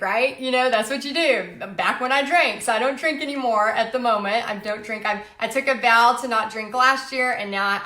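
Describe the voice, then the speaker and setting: A woman in her late thirties hosting a livestream, telling a personal story in a chatty, animated way with lots of fillers. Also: medium pitch. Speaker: livestream host. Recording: echoey room.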